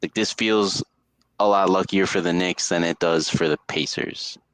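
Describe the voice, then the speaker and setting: A man's voice: sits low, normal speed, a bit bright, no echo. A young man co-hosting a casual sports podcast, rambling with lots of fillers and restarts. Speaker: podcast co-host.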